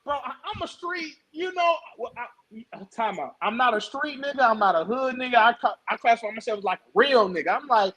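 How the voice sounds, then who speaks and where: A man with a very high voice hosts a casual podcast chat. He tells his story in an animated way, stumbling over repeated words and restarting often. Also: a little fast, few pauses, poor audio. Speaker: podcast host.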